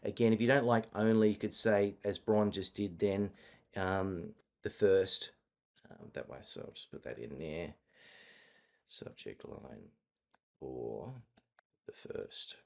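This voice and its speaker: A man's voice: low-pitched, measured pace, vocal fry, a little mellow. A man presenting an online marketing masterclass over a video call, talking conversationally with frequent fillers and restarts.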